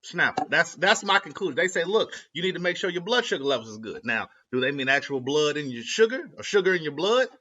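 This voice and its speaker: A man's voice: fairly high pitch, big pitch swings, fast talker, hardly any pauses, bright, forceful tone. A young man from Ohio rambling casually to camera, slangy and self-interrupting, laughing at his own jokes. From Ohio, USA. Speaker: vlogger. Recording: lo-fi dull audio.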